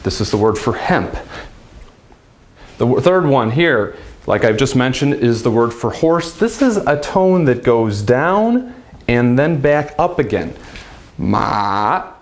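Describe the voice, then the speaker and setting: A man's voice: mid-range voice, big pitch swings, measured pace. A man giving a casual, upbeat language lesson, chatty and demonstrating sounds with big swings of his voice. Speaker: language teacher.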